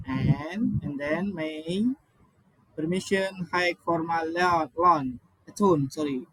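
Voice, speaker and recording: Guy reading slides in shaky english, not his first language, highish voice, slow, stops and restarts a lot. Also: a bit bright, a little hiss or hum, rough recording. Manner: halting, many restarts and apologies.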